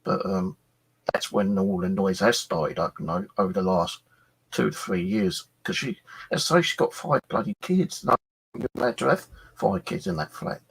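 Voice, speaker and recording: Bloke chatting on his channel, fired up, bit husky, low gravelly voice. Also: normal speed. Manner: animated, swears, acts out quoted exchanges. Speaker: channel host. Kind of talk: casual storytelling chat. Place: flat.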